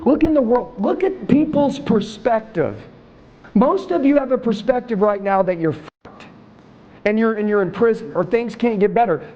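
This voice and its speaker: A man's voice: high voice, lively intonation, moderate pace, highs cut off. A man giving an aggressive, profane motivational speech to an audience, talking confrontationally. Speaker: motivational speaker. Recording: music playing underneath.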